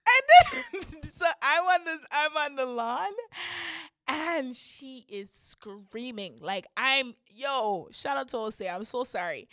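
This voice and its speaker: Young woman, podcast host, slow animated storyteller, dry close sound. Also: on the high side, no room sound. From Canada. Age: young adult. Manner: animated, swings from hushed to shrieking; laughs through her own story. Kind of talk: casual storytelling.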